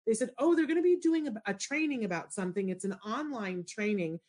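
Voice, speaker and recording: Middle-aged woman, talk show host, animated storyteller with big pitch jumps. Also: brisk. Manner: expressive, shifts into high excited squeals when retelling. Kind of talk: animated storytelling in casual chat.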